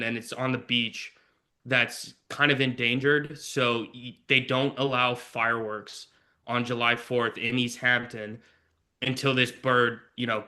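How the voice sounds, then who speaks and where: Brief: man guest from Canada, bright, forceful tone, quick casual chatter full of "like". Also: mid-range voice. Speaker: guest, assistant golf course superintendent. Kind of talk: casual interview chat.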